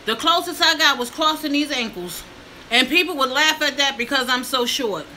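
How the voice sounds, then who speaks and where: High-pitched tearful woman in her fifties. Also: normal speed, sharp tone, slight background noise, low-quality recording. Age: 50s. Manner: addresses viewers as y'all, breaks down crying. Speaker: mukbang vlogger. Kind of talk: emotional storytelling to viewers.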